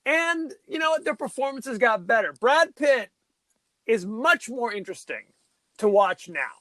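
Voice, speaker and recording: A man co-hosting a podcast in casual chat, animated, often mocking actors' line readings. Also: very high-pitched, measured pace, no echo. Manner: animated, mocks line readings with exaggerated impressions. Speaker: podcast co-host.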